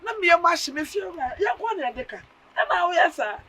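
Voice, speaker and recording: An actress with a Ghanaian accent playing an upset wife in a comedy drama, talking in a loud, exclamatory way. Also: female voice, very high-pitched, lively intonation, quick pace, a little hiss or hum, exaggerated voice. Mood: complaining. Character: upset wife who discovers her husband's drinking.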